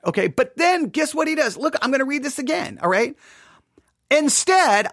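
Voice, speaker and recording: A man hosting a solo podcast, commenting on a Bible study text in an animated, exasperated way with rising questions and asides. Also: high voice, no room sound, clean studio sound. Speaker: podcast host.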